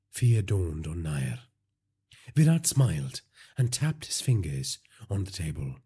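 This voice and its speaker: A man narrates a crime story in a very deep, husky, breathy voice. He reads slowly and deliberately, with lively dips and lifts in pitch, and his tone stays dark and mellow. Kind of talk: scripted audiobook narration.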